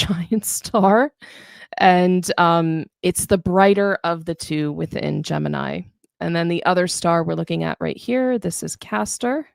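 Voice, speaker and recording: A woman's voice: fairly low pitch, gravelly, a little mellow, dry recording, clean studio sound. A middle-aged woman teaching astronomy on a live stream, chatty and self-deprecating as she thinks aloud while marking up a star photo. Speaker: astronomy educator. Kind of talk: live-streamed screen-share lesson.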